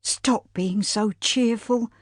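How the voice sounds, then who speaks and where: Grieving widow, proud and sharp-tongued, heavy with tears, read by a woman narrator; higher than the reader's own voice. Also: brisk, no room sound, clean studio sound, lightly acted. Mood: grief-stricken. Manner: tearful, weary, bitter.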